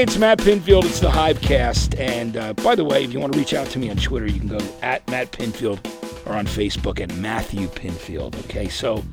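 A man hosting a podcast and interviewing guests in a rambling, excitable way. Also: medium pitch, gravelly. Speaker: podcast host. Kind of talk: casual interview chat.

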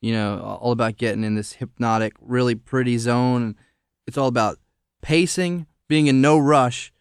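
A man's voice: medium pitch, fairly even intonation, moderate pace, smooth, dry recording, clean studio sound. A man, a musician guest on a podcast, talking in a laid-back, rambling way, full of filler words. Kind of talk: casual interview chat.

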